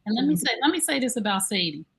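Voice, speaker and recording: A woman hosting a podcast in casual chat, animated and slangy as she hypes up her guest. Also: fairly high pitch, quick pace, creaky, slightly rough. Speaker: podcast host.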